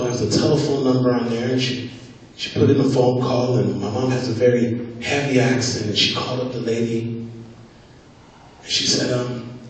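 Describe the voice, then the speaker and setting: A man's voice: mid-range voice, little pitch movement, normal speed, a little hiss or hum. A man giving a live motivational speech on stage, telling a story emphatically and repeating phrases for effect. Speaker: motivational speaker. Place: stage in a large event hall. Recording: echoey hall from far off.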